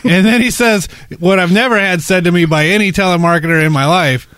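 A man with a fairly high voice tells a crude story in loose, profane chat. He bursts into raised voices to act out the people in it. The sound is dry and close. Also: a little fast, fairly bright tone, dry recording.

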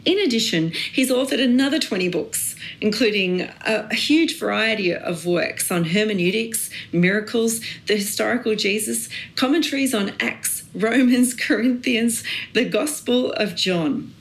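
A woman's voice: fairly high pitch, unhurried. A woman hosting a faith podcast, introducing her guest and asking questions in an upbeat way. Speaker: podcast host and pastor. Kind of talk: podcast interview.

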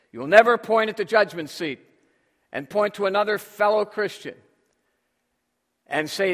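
A man's voice: high-pitched, animated, normal speed, fairly bright tone. A man preaching a sermon with emphasis, drawing responses from his congregation. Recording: long hall reverb.

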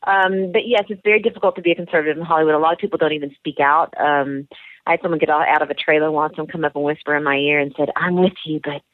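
A woman with a deep voice and fairly even intonation races through candid radio interview answers about her writing and career. The actress and author rambles, restarting often and using many fillers, on a dry, phone-like narrow-band recording with no room sound.

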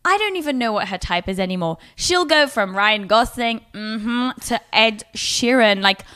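A young adult woman co-hosting a casual chat show, deadpan and playful, often stumbling over words. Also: a little high, moderate pace, clean tone. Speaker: co-host.

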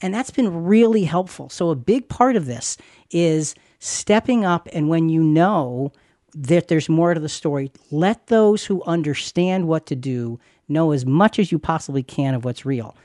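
A man's voice: fairly high pitch, lively intonation, unhurried, a little mellow, no echo, studio quality. A man who is a pastor and podcast host, talking earnestly and reassuringly about faith, repeating phrases for emphasis. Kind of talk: conversational Christian podcast teaching.

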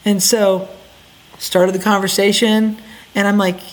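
A middle-aged woman from Indiana, a podcast guest, telling her story in a casual, animated way and acting out the quotes. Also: medium pitch, a little slow. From Indiana, USA.

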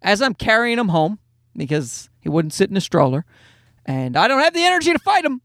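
High-voiced man telling rambling jokey stories. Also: sing-song, a little fast, fairly bright tone, no room sound, studio quality. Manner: rambling, self-mocking, jokey storytelling with restarts. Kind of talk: casual anecdotal monologue.

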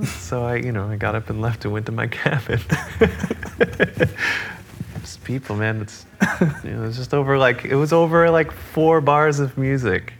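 A man, a drummer, telling animated stories with laughter in a casual interview. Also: mid-range voice, normal speed, slight background noise. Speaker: guest drummer.

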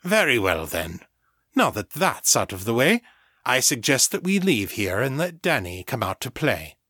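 A shrewd old man lays down terms in a firm, businesslike voice, read by a male narrator. The sound is close and dry, and the pitch sits in the middle range. It is audiobook fantasy storytelling. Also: sing-song, moderate pace, bright, forceful tone, husky, no room sound, heavily acted. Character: stern old man, a shrewd bargaining sorcerer.

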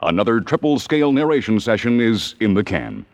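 A man delivers a scripted comic announcer bit in a smooth style. His voice moves a lot in pitch. The recording is dry and close. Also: sing-song, brisk, no echo, faint music behind.

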